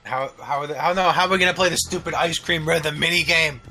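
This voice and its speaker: Bright-voiced grumbling man. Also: on the high side, fast talker, poor audio. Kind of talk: casual chat.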